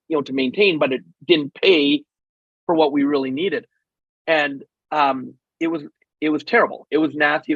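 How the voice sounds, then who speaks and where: A middle-aged man with a slightly raised, husky voice tells a story as an interview guest. He is animated and acts out the dialogue. The sound is dull, lo-fi and dry. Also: a little high, no room sound. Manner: animated, acts out quoted dialogue, frequent ums. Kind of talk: casual storytelling in a podcast interview.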